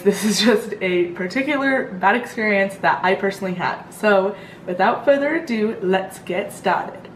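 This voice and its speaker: A young woman rants casually to her camera, rambling along with plenty of fillers and asides. Her voice sits at an ordinary pitch and bounces around an echoey room. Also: normal speed, slight background noise. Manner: chatty, rambling, lots of fillers. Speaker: vlogger. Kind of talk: casual storytelling rant.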